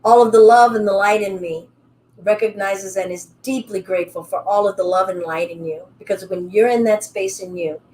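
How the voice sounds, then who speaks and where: A woman leading a live online yoga class, with a calm, soothing way of guiding that turns upbeat and playful. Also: mid-range voice, normal speed, slight background noise, poor audio. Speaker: yoga instructor.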